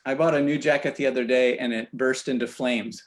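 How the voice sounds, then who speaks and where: A man co-hosting a live show, telling puns deadpan with a halting, hesitant delivery. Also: medium pitch. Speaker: co-host. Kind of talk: comedic banter.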